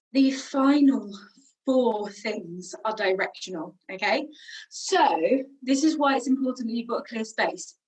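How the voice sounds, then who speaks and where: A woman with a British accent and a high voice leads an energetic warm-up game, walking around the room as she calls out moves. She sounds slightly out of breath, and her voice is picked up from a distance from the mic. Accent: British English. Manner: energetic, moving around while instructing. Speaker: singing workshop leader. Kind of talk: leading a warm-up game over video.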